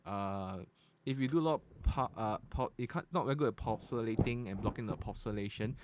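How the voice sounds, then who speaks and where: A man with a lowish, darkish-toned voice speaks at normal speed while casually reviewing a product at his desk. Using a studio USB podcast microphone at close to medium distance, he chats informally and explains each feature in turn.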